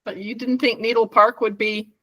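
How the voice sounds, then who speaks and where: Bright-voiced chatty middle-aged woman. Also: a little high, level tone, moderate pace. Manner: rambling storyteller, laughs often. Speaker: podcast co-host. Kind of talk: casual chat.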